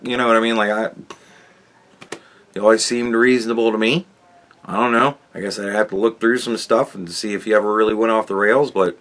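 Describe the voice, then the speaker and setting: A man's voice: fairly low pitch, gravelly, fairly bright tone. Blunt, stammering man ranting. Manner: blunt, heavy swearing, frequent restarts and stammers. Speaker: podcast host. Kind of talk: casual commentary monologue.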